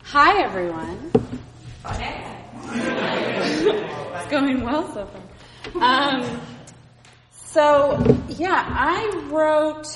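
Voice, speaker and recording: A woman's voice: sits high, animated, very slow, pauses often. A woman solo performer introducing her one-woman show on stage, easygoing and hesitant. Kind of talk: live stage talk. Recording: echoey noisy live room, long reverb.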